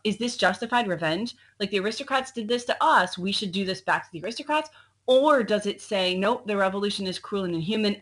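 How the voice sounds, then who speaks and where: A woman's voice: mid-range voice, a bit bright, rough recording. Woman teacher talking over slides, lots of ums, casual and direct, computer mic. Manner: chatty, frequent ums, addresses students directly. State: coughing, throat a bit choked. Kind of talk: recorded slideshow lecture. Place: at a computer, screen recording.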